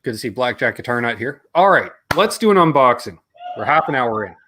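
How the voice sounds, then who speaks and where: A Canadian man hosting a casual live-stream chat, animated and jokey with quick asides. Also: medium pitch, background noise. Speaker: host.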